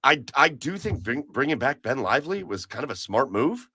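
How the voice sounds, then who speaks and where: A man's voice: mid-range voice, big pitch swings, a little fast, sharp tone, breathy edge, dry recording. A man co-hosting a podcast, chatting casually about baseball in a rambling way, full of restarts. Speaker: podcast co-host. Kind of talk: casual sports chat.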